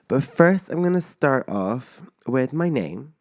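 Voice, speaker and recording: A man's voice: medium pitch, a little slow, hardly any pauses. A young man hosting his own podcast, telling stories in a dramatic, rambling way, full of "like" fillers, self-mocking and swearing freely. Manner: animated, dramatic storytelling with lots of "like" fillers. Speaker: podcast host. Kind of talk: casual solo podcast chat.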